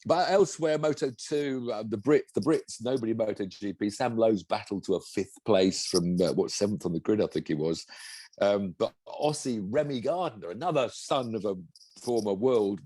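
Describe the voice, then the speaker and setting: A man's voice: lowish voice, normal speed, warm tone, dry recording. A man, a former racing driver, co-hosting a casual motorsport chat, enthusiastic and rambling, full of restarts. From England.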